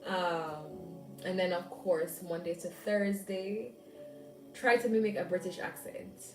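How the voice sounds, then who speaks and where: A woman's voice: fairly low pitch, fairly even intonation, a little slow, roomy sound, distant mic, music in the background, rough recording. A young woman with a Jamaican accent, chatting casually to her viewers with rambling asides and frequent laughs. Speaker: vlogger. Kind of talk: casual chat.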